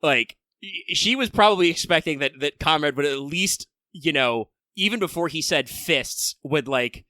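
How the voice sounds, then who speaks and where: A man with a bright, forward voice co-hosts a podcast in loose, casual conversation. He thinks out loud, circling back with fillers and restarts, heard close and dry with no room sound. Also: fairly high pitch, expressive, normal speed, hardly any pauses, no echo. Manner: rambling, thinks aloud with many fillers and restarts. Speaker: podcast co-host.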